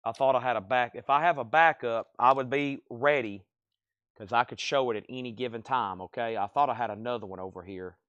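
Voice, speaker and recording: A man's voice: medium pitch, a bit bright, clean tone, dry recording, muffled recording. Man calling record prices, close and dry. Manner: brisk price calls, chatty asides. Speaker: live auction seller. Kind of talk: live-stream record sale.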